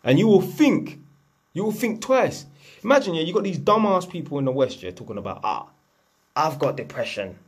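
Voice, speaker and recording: A man's voice: high-pitched, sing-song, a little fast, husky. A man, delivering a blunt, profane, lecturing rant to camera as a vlogger. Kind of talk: unscripted ranting monologue.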